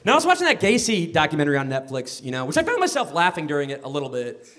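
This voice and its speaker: A man's voice: a little high, wildly swooping pitch, very fast. A man doing a brash, crude stand-up set on a club stage, chuckling at his own jokes. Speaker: stand-up comedian. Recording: noisy live club recording.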